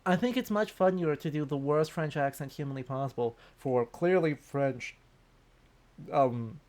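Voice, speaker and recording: A man's voice: fairly high pitch, measured pace, a little mellow. A man streaming a game live, cracking jokes and making scattered asides between reading lines.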